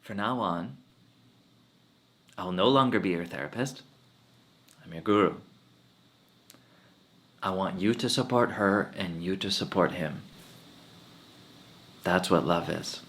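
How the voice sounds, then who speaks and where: A gentle male guru speaks in a soft, hushed voice, calm and reassuring, as a man puts him on while telling a story. The voice sits low and moves slowly.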